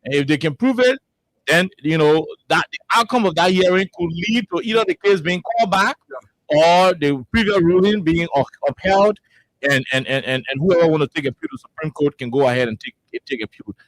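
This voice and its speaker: Male talk show host, raised pitch, combative and repetitive. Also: animated, no echo, rough recording. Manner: argumentative, repeats words rapidly when pressing a point. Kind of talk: live call-in talk show.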